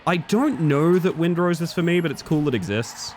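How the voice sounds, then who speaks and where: A man's voice: fairly high pitch, expressive, normal speed, darkish tone, slight background noise. An Australian man chatting casually with his viewers while he plays a game, muttering to himself and breaking into sudden exclamations. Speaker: streamer. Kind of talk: casual live-stream chat while gaming.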